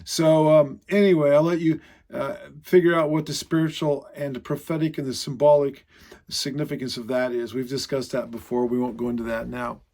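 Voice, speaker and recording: A man's voice: mid-range voice, level tone, fairly quick, a little mellow. A man giving a casual Bible teaching to an online congregation, rambling and often correcting himself mid-sentence. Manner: rambling, self-correcting, frequent filler sounds.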